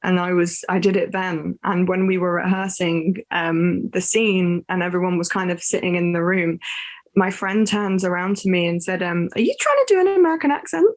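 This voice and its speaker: A woman's voice: on the low side, flat delivery, normal speed. A young woman hosting a podcast, chatting casually with frequent laughs and hesitant fillers. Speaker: podcast host. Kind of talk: casual chat.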